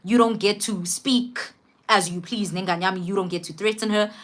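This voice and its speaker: A woman voicing a stern, protective middle-aged father who warns firmly and slowly. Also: medium pitch, steady tone, voice pushed down, natural voice. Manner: slow, firm, warning.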